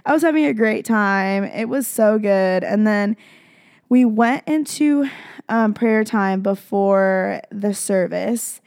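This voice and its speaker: Young woman, podcast host, gushing rambly chat, lots of vocal fry, dry close mic. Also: medium pitch, slow pace, a little mellow, no echo. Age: young adult. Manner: gushing, rambling, heavy on "like" and "freaking". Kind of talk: casual confessional chat.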